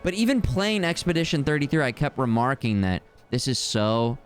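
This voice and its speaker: A man's voice: medium pitch, big pitch swings, moderate pace, soft background music. A man chatting casually as a guest, rambling and hedging with fillers, with a slight leftover cough. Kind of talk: casual chat.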